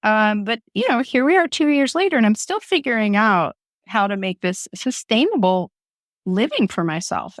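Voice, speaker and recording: A woman's voice: medium pitch, no room sound, clean studio sound. A woman guest, talking openly and emotionally about her grief and the start of her project, laughing often as she speaks. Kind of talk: candid conversational storytelling.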